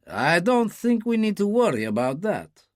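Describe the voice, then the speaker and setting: Measured, worldly spymaster, read by a male narrator, unhurried, lively pitch. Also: no room sound, clean studio sound. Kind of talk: audiobook character reading.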